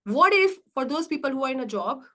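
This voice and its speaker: A woman coaching a live online session, animated and emphatic, firing rhetorical questions at her audience and repeating her key points. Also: high-pitched, fast. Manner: acts out inner voices dramatically. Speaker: money mindset coach.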